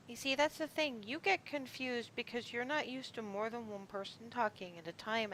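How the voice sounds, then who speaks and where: A woman voicing a naive, kind young woman raised in a shrine, who gives gentle, rambling advice in childlike wording, in a tabletop role-play. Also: mid-range voice, slight background noise, natural voice, low-quality recording.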